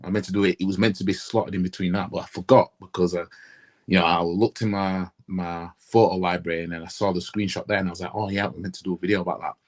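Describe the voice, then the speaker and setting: A man's voice: deep voice, steady tone, fast talker, a little mellow. A man from Yorkshire ranting in a casual football fan vlog, blunt and profane, repeating himself and firing off rhetorical questions. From Yorkshire, England.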